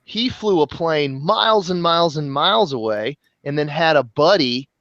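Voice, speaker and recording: A man's voice: on the high side, animated, moderate pace, a bit bright, no echo. A man co-hosting a podcast in casual chat, easygoing and jokey, chiming in with laughs. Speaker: podcast co-host. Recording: muffled, dull podcast audio.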